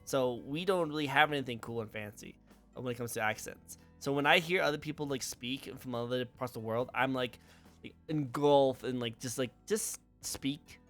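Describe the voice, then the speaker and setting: A man's voice: medium pitch, moderate pace, a bit bright, faint music behind. Upbeat American man hosting a stream interview. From United States. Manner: upbeat, repeats phrases, laughs easily. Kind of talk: casual interview chat.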